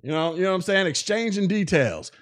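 A man's voice: high-pitched, animated, brisk. A man hosting a podcast, speaking in with blunt, mocking commentary and laughing at his own jokes. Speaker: podcast host. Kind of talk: casual commentary.

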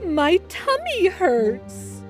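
A woman voicing a huge, greedy, childish male giant who booms and whines. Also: expressive, very slow, music in the background, exaggerated voice. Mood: whimpering. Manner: booming, whiny when hurt.

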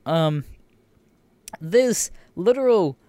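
A young Australian podcast host with a high-pitched voice and drawn-out words rants casually, swearing a lot, laughing often and staying animated. His tone is clean and the recording dry.

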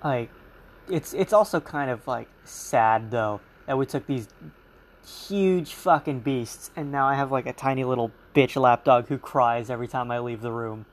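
A man's voice: mid-range voice, normal speed. A young man hosting a solo podcast, rambling and swearing, mocking voices for animals and critics. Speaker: podcast host.

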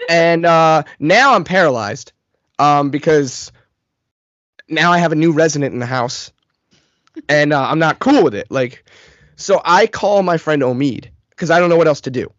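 A man in his thirties tells a story on a podcast in a fairly high voice, animated, profane and poking fun at himself. The recording sounds dull and dry, with no room around him. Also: moderate pace, no room sound. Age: 30s. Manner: animated, profane, self-mocking. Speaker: podcast co-host. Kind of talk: casual storytelling.

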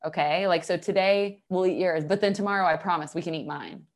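A woman's voice: fairly low pitch, brisk. A young woman co-hosting a podcast, chatting casually and animatedly, full of "like" and casual swearing. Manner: animated, swears freely, heavy use of "like". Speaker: podcast co-host. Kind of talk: casual chat.

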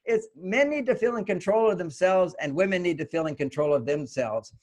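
A man's voice: sits high, lively intonation, brisk, a little mellow. An older man, a relationship author being interviewed, explaining earnestly and briefly acting out the voices of the people he quotes. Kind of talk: conversational interview.

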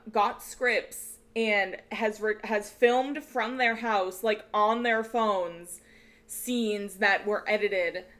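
A young woman co-hosting a casual podcast, gushing and excitable, swearing freely. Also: mid-range voice. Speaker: podcast co-host. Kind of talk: casual chat.

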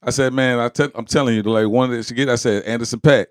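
A man's voice: medium pitch, fast, no room sound, clean studio sound. A man co-hosting a casual podcast chat, telling stories with quoted voices and frequent laughter. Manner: animated storyteller, quotes people, laughs often. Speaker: podcast co-host.

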